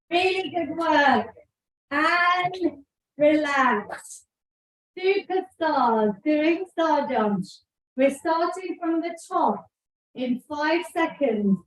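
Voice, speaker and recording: A woman's voice: high voice, expressive, extremely slow, long pauses, reverberant, far from the mic, low-quality recording. A woman fitness instructor coaching a live workout, encouraging and cueing each move, out of breath at times. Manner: encouraging, counting out cues.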